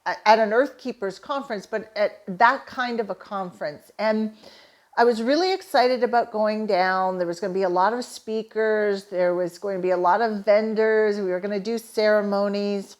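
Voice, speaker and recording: A woman's voice: medium pitch, normal speed. A middle-aged woman from Canada, a holistic therapist, telling a personal story with earnest, emotional enthusiasm. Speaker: holistic therapist and manifesting coach.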